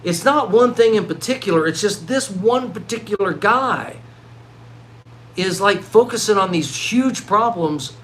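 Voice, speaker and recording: A middle-aged male vlogger with a high-pitched, unhurried voice launches into a worked-up rant. It's an animated monologue, packed with restarts and repeated words.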